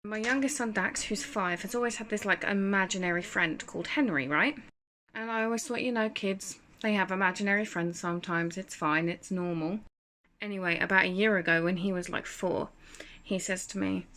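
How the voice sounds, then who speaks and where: A woman speaks into her phone just after waking, in a chatty, wry storytelling tone. Her voice is bright and clear, at a middle pitch for a woman. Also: normal speed. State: just woken up. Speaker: parent telling a story. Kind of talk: casual storytelling to camera.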